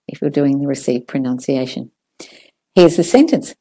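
A woman teaching an audio pronunciation lesson, saying model sentences slowly and clearly for learners to copy. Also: rumbling low, mellow.

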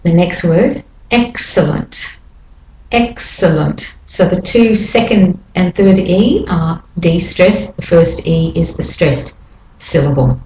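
A woman giving an English pronunciation lesson, saying each word slowly and deliberately twice for learners to copy. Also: on the low side, a little mellow, slight background noise. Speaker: pronunciation teacher. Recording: echoey room.

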